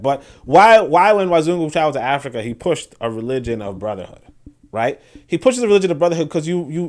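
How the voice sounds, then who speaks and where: A man with a fairly high voice, talking casually on a livestream. He rambles, restarts his sentences and breaks off to check in with his viewers. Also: darkish tone. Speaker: host.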